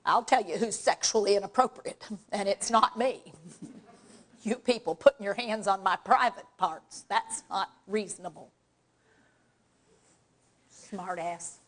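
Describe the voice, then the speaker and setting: A woman's voice: medium pitch, a little slow, pauses often, pitched below the performer's own voice, natural voice. A woman acting out an indignant elderly person with dementia who resists being undressed, in an accusing, sarcastic voice.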